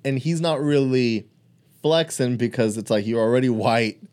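A man's voice: medium pitch, steady tone, normal speed, a little mellow. A man co-hosting a podcast in casual chat, loose and profane, teasing his co-host.

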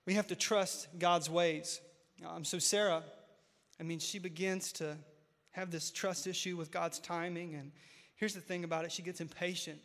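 A man in his thirties preaching a sermon as pastor, repeating key lines and building to loud, emphatic peaks. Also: high-pitched, fairly even intonation, normal speed. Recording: hall reverb.

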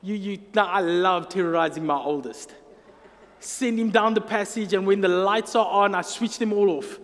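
A man's voice: sits high, normal speed, a bit bright. A man preaching a sermon as pastor, earnest and emphatic, drawing out key phrases. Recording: long hall reverb.

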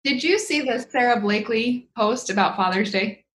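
Woman podcast host, higher voice, chatty with quick reactions, echoey room. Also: fairly bright tone. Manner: chatty, reacts with short exclamations. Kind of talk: casual interview chat.

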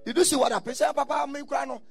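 High-pitched shouting preacher. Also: male voice, steady tone, rapid-fire, no echo, faint music behind. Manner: preaching with sudden shouted bursts. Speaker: pastor. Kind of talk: sermon.

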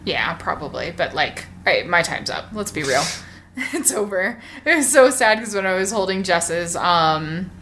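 A woman in her thirties chatting casually, playful and quick to laugh. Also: lowish voice, lively intonation, a bit bright, a little hiss or hum. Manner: giggly, playful, laughs often. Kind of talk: casual chat.

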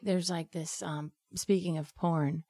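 A woman's voice: fairly low pitch, fairly even intonation, slow pace, warm tone, no room sound. Laid-back woman comedian, dry sound. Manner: loose, laid-back storytelling with swearing and "man". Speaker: comedian guest. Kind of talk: casual podcast chat.

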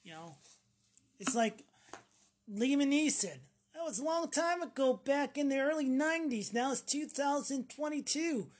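A woman's voice: sits high, expressive, measured pace, darkish tone. A woman delivering a profane, sarcastic ranting monologue to camera, mocking the people she talks about. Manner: sarcastic, acts out mocking voices; swears freely. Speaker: vlogger.

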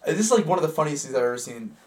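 A man's voice: on the high side, sing-song, rapid-fire. A young man co-hosting a podcast, telling rambling, profane stories in casual chat and repeating lines for effect. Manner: rambling, swearing storyteller who repeats himself. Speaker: podcast co-host.

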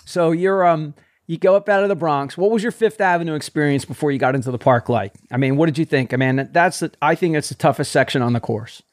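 An older man chatting casually as a running host, animated and swearing freely, calling people "man". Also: fairly high pitch, quick pace, no room sound, clean studio sound. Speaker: running coach and podcast host. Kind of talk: casual chat.

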